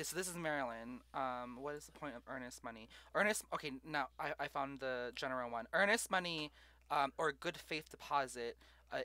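Guy rambling on a live stream, bright voice, dry close sound, lots of ums. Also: mid-range voice, no room sound. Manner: thinks aloud with many fillers and restarts, asks viewers questions. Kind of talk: casual live stream chat.

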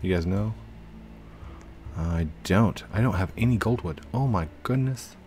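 A man's voice: deep voice, a little slow, darkish tone, faint music behind. A man giving casual, chatty commentary while playing a building game, laughing often and breaking into goofy pleading bursts. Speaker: gaming YouTuber.

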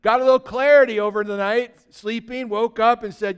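A man preaching a sermon in a high, clear, resonant voice. He talks to his congregation in a conversational way, asking questions and calling for responses. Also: steady tone, brisk. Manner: exhorting, conversational, calls out to congregation. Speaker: pastor.

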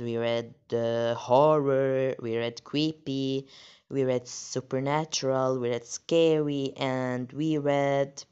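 A woman's voice: a bass voice, dark tone, smooth. A woman hosting her channel, chatting casually and reacting as she reads text stories. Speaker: channel host. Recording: dull lo-fi audio.

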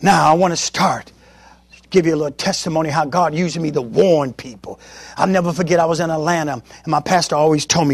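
A man's voice: fairly high pitch, brisk, gravelly, no echo. A male preacher giving a testimony sermon, telling stories with emphasis. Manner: emphatic storytelling.

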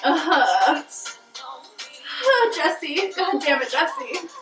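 Young woman, high voice, unhurried, excitable fan reaction, off-mic in an echoey room, music playing. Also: distant mic. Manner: gushing, squealing, swears and laughs a lot.

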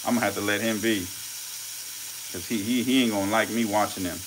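A man giving casual live-stream commentary as a reptile keeper, chatty with viewers, swearing and getting excited. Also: on the low side, rapid-fire, slight background noise.

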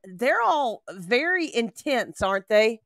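A woman's voice: on the high side, sing-song, slow pace, a bit bright, no echo, studio quality. An older woman co-hosting a live online talk show, chatting in a gossipy way and often laughing. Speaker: co-host. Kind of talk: casual live-stream chat.

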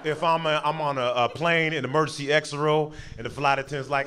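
Male comic, 30s, slightly high voice, high-energy stand-up set, live room noise. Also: fast talker, hardly any pauses. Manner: high-energy, animated, jumps into character voices. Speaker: stand-up comedian. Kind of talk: stand-up comedy. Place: comedy stage before a live audience. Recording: live show with audience noise.

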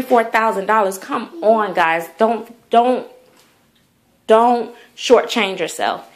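A woman vlogger chatting casually to the camera in a rambling way, full of fillers. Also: fairly high pitch. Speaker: doll collector vlogger.

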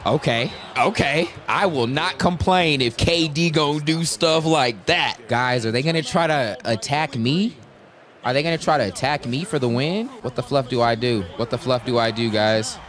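A man giving live commentary on his own basketball video game, slangy and full of trash talk, breaking into excited yells. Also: medium pitch, normal speed. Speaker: gaming YouTuber.

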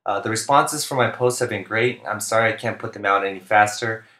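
A man, a basketball coach, narrating instructional plays in a flat, deliberate monotone, speaking clearly. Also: on the low side, reverberant. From United States. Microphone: home recording for narration.

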